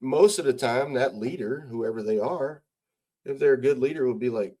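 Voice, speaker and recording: A man's voice: medium pitch, moderate pace, warm tone. A middle-aged man from the United States, a retired army sergeant major, talking bluntly and with heavy swearing as a guest in a casual interview, pressing his points with rhetorical questions. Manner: blunt and heavily profane.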